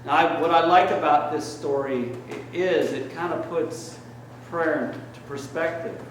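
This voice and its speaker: A man's voice: a little high, fairly even intonation, measured pace, a little hiss or hum. A man giving a sermon as a priest, telling stories in a conversational way with plenty of fillers. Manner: conversational storytelling, frequent fillers. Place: church. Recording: echoey church room, mic at a distance.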